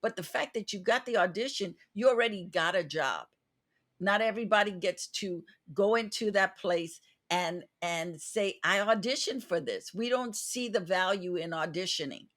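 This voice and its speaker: A woman's voice: medium pitch, moderate pace, fairly bright tone. A woman hosting a podcast interview, an actress giving advice drawn from her own experience.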